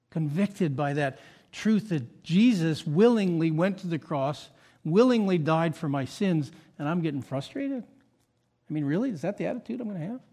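Speaking in a slightly high male voice, a pastor moves through his sermon from loud, emphatic statements to quiet, reflective asides.

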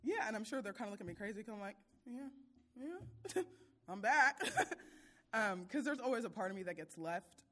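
A woman's voice: medium pitch, quick pace, hardly any pauses, a bit bright. A woman sharing a church mission trip testimony, emotional and laughing between phrases.

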